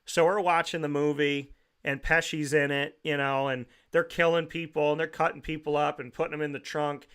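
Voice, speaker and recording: A man's voice: fairly high pitch, steady tone, moderate pace, a bit bright, clear, resonant tone. A man hosting a talk show, telling heartfelt family memories in a rambling way with frequent restarts.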